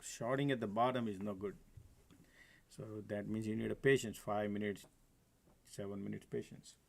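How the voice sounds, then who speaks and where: A man's voice: fairly low pitch, fairly even intonation, moderate pace, vocal fry. A man hosting a live stock trading stream, chatting casually to viewers as folks and laughing often. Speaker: stock trading livestream host. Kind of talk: live market commentary. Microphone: desk mic, at times sitting far from it.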